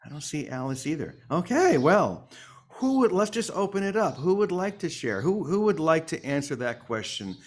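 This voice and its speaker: A man's voice: fairly high pitch, very animated, moderate pace. A man leading a morning spiritual session in a playful, humorous way, calling on listeners by name. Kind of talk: informal sermon.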